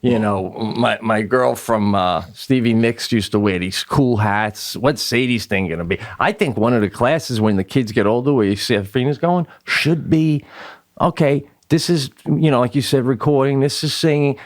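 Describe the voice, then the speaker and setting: A man's voice: medium pitch, moderate pace, dry recording. Man, middle-aged, podcast co-host, rambling, laughs a lot, swears, dry close sound. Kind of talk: casual comedic chat.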